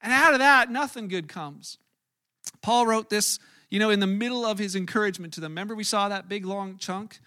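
High, bright-voiced man preaching casually. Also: a little fast, clean tone. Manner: earnest, casual, with frequent restarts and asides. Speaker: pastor. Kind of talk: conversational sermon.

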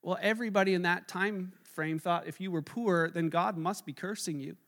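A pastor giving a conversational, animated sermon, often acting out the people in his stories. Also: high-pitched, moderate pace.

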